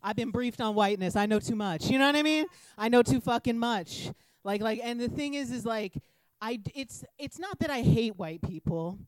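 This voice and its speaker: A woman's voice: on the high side, lively intonation, normal speed, no echo, poor audio. Brash young female stand-up, profane and rambling, with a dry, close mic. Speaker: stand-up comedian. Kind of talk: stand-up comedy set. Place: comedy room with a live audience.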